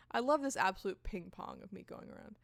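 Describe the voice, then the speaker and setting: A woman's voice: mid-range voice, expressive, fast talker, vocal fry, no room sound. A woman streamer making wry, sarcastic asides while reading a game, at a close microphone at home. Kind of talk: casual game commentary.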